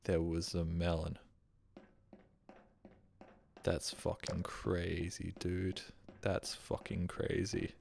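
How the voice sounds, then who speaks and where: A man's voice: sits low, monotone, takes it slowly, vocal fry, pauses often, a little mellow, slight background noise. A man streaming a game, chatting casually in a rambling, sweary, self-mocking way. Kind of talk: casual live-stream chat. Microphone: streaming microphone.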